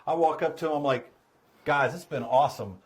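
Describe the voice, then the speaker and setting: A middle-aged man, a car sales trainer, telling a story in a casual, animated way and laughing as he goes. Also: a little high, fairly quick.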